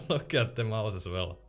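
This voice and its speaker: Low-voiced laid-back streamer man. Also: expressive, takes it slowly. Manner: laid-back, laughs often, trails off and restarts. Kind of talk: casual livestream chat, reading out chat questions.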